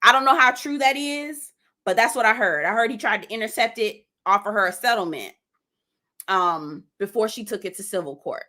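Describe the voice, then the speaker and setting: A bright, forceful woman's voice, hosting a casual live stream. She is animated and sassy and talks straight to her viewers. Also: medium pitch, normal speed. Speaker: host of a live gossip show.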